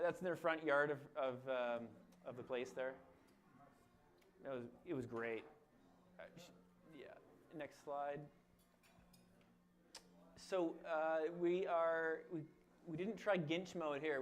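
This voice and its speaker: A man giving a casual slide talk to a club, telling a trip story with fillers and frequent laughter, getting loud when he acts out the story. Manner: chatty, laughs often, with fillers and restarts; gets loud and high when acting out the story.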